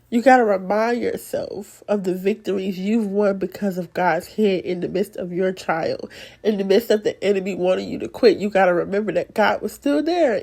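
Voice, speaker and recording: A woman's voice: a little high, a little mellow. Emotional woman giving a devotional talk. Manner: emotional, encouraging, preacherly repetition. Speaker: podcast host.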